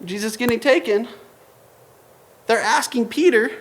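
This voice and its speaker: A young adult preacher delivering a relaxed, informal sermon. The delivery is full of slang and joking asides, and the pitch sits in a middle range. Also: unhurried, long pauses. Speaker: church preacher. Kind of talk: casual sermon.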